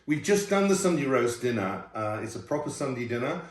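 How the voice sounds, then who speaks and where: A middle-aged former royal chef from the United Kingdom chats through viewer questions in a casual Q&A, laughing and self-deprecating. His medium-pitched voice is sing-song and brisk, with roomy sound from a distant mic.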